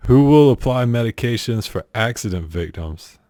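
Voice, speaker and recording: A man's voice: mid-range voice, expressive, moderate pace, mellow, dry recording. A man with a South Carolina accent reads quiz questions aloud and answers them in a dry, sarcastic, exasperated way. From southern United States. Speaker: streamer. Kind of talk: casual accent-tag challenge, reading questions aloud.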